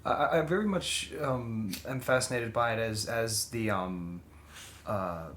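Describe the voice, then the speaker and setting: A man co-hosting a casual music review chat, halting and searching for words with many fillers. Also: mid-range voice, a bit bright. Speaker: podcast co-host. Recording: roomy sound with faint ambient noise.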